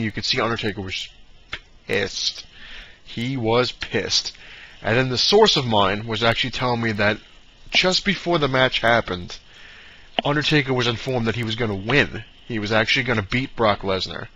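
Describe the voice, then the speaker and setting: A man's voice: medium pitch, normal speed, pushed and bright, lo-fi sound. A man ranting casually in a vlog, rambling with many fillers and restarts. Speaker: vlogger.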